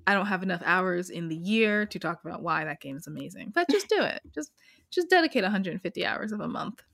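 A young woman co-hosting a podcast, chatty and self-mocking, talking in quick bursts. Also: lowish voice, expressive, vocal fry, a bit bright. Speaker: podcast co-host. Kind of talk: casual chat.

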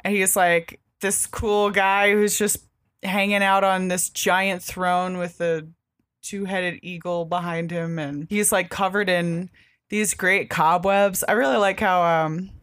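A woman's voice: on the low side, steady tone, slow, fairly bright tone, no echo. A young woman co-hosting a podcast, chatting casually and rambling with a lot of "like" fillers. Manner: rambling, heavy use of filler "like". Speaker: podcast co-host. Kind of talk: casual chat recapping a comic book.

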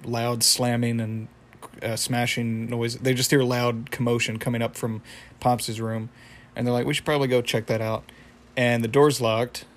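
Man recapping in a flat, halting way. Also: medium pitch. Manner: halting, lots of fillers and restarts, chuckles often. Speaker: episode recapper. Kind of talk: casual episode recap.

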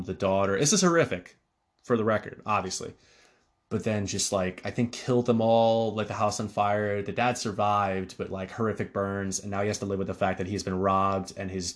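A man hosting a solo podcast, talking casually in a rambling way with frequent fillers and restarts. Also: lowish voice. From Connecticut, USA. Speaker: podcast host.

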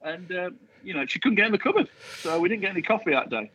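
A man's voice: high-pitched, expressive, fast talker, sharp tone, a little hiss or hum. A man co-hosting a casual chat, telling jokey stories in playful banter. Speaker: podcast co-host, former radio presenter. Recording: dull lo-fi recording.

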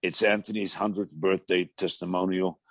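A man with a gravelly voice, a talk show guest telling rambling anecdotes with many restarts. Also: low-pitched, fairly even intonation, moderate pace, dry recording. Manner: rambling storyteller with frequent restarts.

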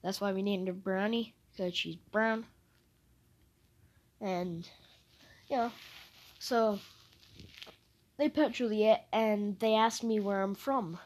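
Young woman, solo podcast host, slow unhurried pace, rambling, hesitant, trails off. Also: medium pitch, darkish tone. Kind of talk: casual solo podcast chat.

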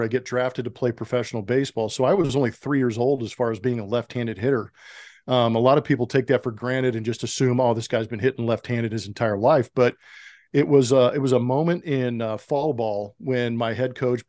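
A man's voice: medium pitch, dry recording. A middle-aged man telling stories as an interview guest, acting out the voices in the dialogue he recounts. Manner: animated storyteller who acts out quoted dialogue. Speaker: interview guest, former pro baseball player. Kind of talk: storytelling in a podcast interview.

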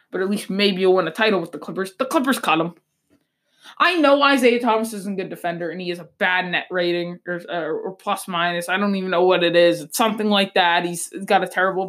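A woman hosts a casual sports show, trading blunt verdicts and quick gripes. Her voice sits at an ordinary middle pitch. She rambles, stumbles and restarts, then lands her opinions flatly. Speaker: sports podcast host.

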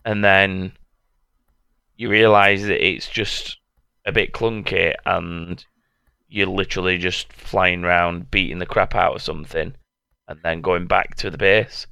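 A man's voice: deep voice, steady tone, unhurried, creaky, sharp tone, smooth, no room sound. A man co-hosting a podcast, laid-back and wry, laughing often as he chats. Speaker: podcast co-host. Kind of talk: casual podcast banter.

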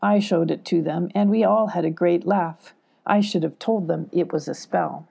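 Woman reading eager sheepish companion, brisk, mellow, storybook. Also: lowish voice, creaky, breathy edge, full character voice. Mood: apologetic.

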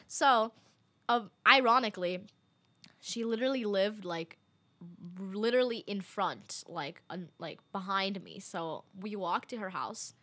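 Chatty young woman with a bright voice. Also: mid-range voice, a little slow. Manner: chatty, filler-heavy, animated quoting. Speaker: storyteller. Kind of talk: casual storytelling.

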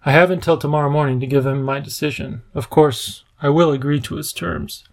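A man's voice: a little high, steady tone, vocal fry. A man doing a grave, worried professor. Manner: measured, grave, sometimes bitter. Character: worried, earnest older male professor.

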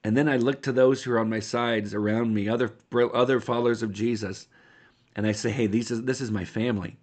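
A man's voice: medium pitch, fairly even intonation, a little fast, a little mellow. A man preaching a sermon as a pastor, speaking earnestly and directly to his listeners, with occasional restarts.

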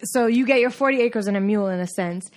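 Woman podcast co-host, fairly high voice, animated, swears freely, casual chat. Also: fast talker. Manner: animated, profane storyteller.

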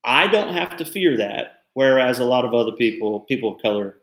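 A man co-hosting a casual discussion, thinking aloud in a thoughtful, halting way with frequent restarts. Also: mid-range voice, expressive, roomy sound. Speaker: podcast co-host.

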